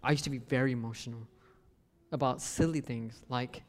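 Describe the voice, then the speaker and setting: A man's voice: mid-range voice, steady tone, normal speed. A young man giving a casual sermon, mixing scripture with joking stories about his family. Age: young adult. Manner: conversational, joking asides, acts out family quotes. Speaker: lay preacher. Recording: long reverb of a hall.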